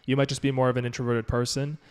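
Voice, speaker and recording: A man of middle pitch talks casually on a live stream, reading and answering viewers' questions as a business mentor. His delivery is upbeat and loose, full of fillers and self-corrections. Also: flat delivery, rapid-fire, darkish tone, smooth. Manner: rambling and upbeat, many fillers and restarts.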